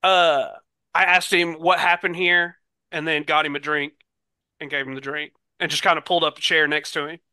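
A man's voice: on the high side, flat delivery, normal speed, pushed and bright, clean tone, no room sound. A man playing in a tabletop role-playing game, thinking aloud with many ums and likes. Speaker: player. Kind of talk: casual tabletop role-play.

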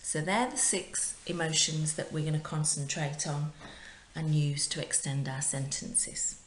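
A woman teacher giving a recorded remote lesson, speaking clearly and patiently and drilling words for her pupils to repeat. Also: low voice, fairly even intonation, measured pace, a little hiss or hum. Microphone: home recording for remote class. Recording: echoey room.

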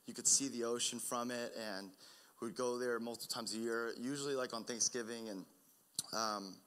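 A young man preaching a sermon, telling personal stories in a conversational way that builds to loud, urgent emphasis. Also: medium pitch, fairly even intonation, normal speed. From Oregon, United States. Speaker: pastor.

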